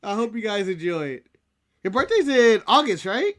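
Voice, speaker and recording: A man's voice: sits high, sing-song, moderate pace, fairly bright tone. A man from the United States co-hosting a casual wrestling recap, joking, teasing and laughing often. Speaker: podcast co-host.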